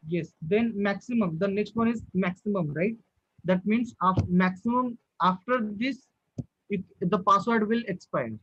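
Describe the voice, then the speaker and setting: A man's voice: high voice, unhurried, fairly bright tone, dull audio. A man teaching a live online class who keeps asking his students questions and repeating himself. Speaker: instructor. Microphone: video call.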